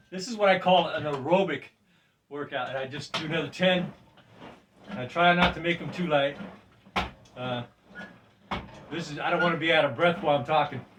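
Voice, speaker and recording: A man in his sixties talking casually while working out in a gym room. He breathes deeply and keeps checking in with "right?" and soft laughs. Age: 60s. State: breathing deeply during the workout. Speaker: fitness vlogger. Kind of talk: casual demonstration while exercising. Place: gym room among exercise machines. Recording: distant mic with faint background noise.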